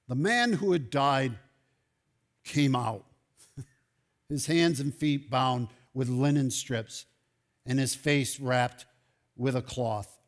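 A man preaching a sermon as pastor, animated and rising to loud exclamations. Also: medium pitch. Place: church sanctuary.

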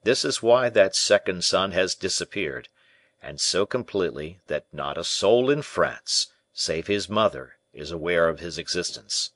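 Scheming bishop, low and commanding, measured, voiced by a male reader in an audiobook. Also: lively intonation, fairly bright tone, no room sound, heavily acted. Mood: insistent. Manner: measured, insistent.

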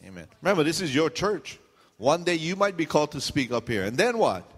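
A man pastor preaching to his congregation in a loose, joking way, playing out what people are thinking in their heads. His voice sits a little high for a man. A long church-hall reverb trails after his words. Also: very animated, fairly quick. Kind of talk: sermon. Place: church sanctuary.

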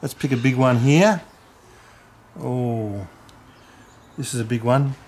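A man talks through a gardening task at a relaxed, chatty pace, his voice sitting at an ordinary middle pitch. He speaks gently and informally, chatting to the camera person as he works at the bench. Faint noise hangs in the background. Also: slow pace. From Australia. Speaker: home gardener demonstrating seedling transplanting. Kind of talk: casual how-to demonstration with some scripted narration.

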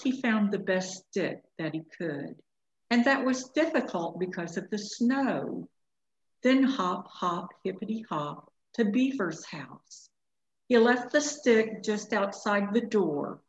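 A woman teacher reading a storybook aloud in a slow, expressive way for a lesson. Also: mid-range voice. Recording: echoey room, dull lo-fi sound.

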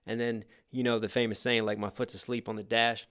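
A man reacting to a rap song and breaking down its lines one by one, with sudden bursts of hype between calm explanations. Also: medium pitch, fairly quick, clean tone. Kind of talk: casual reaction and lyric breakdown. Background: hip hop track playing faintly.

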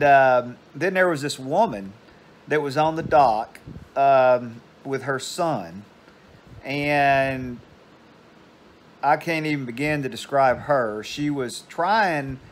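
An older man with a drawl tells a long, wandering story, often circling back with "so anyway." His voice sits a little on the high side for a man, and his delivery is casual and unhurried. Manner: meandering, digressive. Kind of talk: casual rambling anecdote.

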